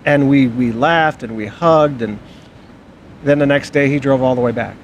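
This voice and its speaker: A man with a gravelly, fry-laden voice tells a sincere story, circling back to repeat himself for emphasis. A faint hiss runs underneath. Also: medium pitch, moderate pace. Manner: earnest, repetitive. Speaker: podcast co-host. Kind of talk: casual storytelling chat.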